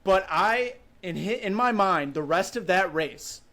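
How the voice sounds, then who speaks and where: High-voiced young man telling a story. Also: measured pace. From Wisconsin, USA. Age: 20s. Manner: animated, vivid recounting with frequent "like" and "you know". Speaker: podcast guest. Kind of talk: casual storytelling.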